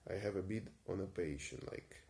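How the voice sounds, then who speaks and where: A man voicing an old Yorkshire mill hand in disguise, speaking slowly and haltingly in an attempted Yorkshire accent. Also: deep voice, gravelly, darkish tone. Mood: wheedling.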